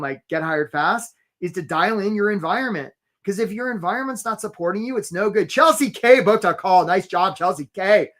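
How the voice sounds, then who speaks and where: Energetic career coach, a man hosting a live webinar, chatty and quick to shout out attendees by name. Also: sits high.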